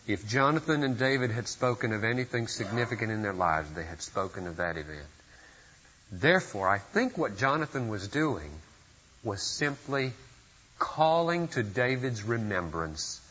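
A man's voice: mid-range voice, a bit bright, slightly rough, dull audio. A pastor preaching a sermon at a church service, speaking earnestly and putting direct questions to his listeners.

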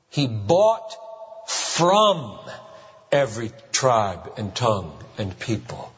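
A man preaching a sermon as pastor, emphatic and driving home points with slow, stressed phrases. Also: medium pitch, a bit bright, slight background noise. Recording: muffled hall reverb.

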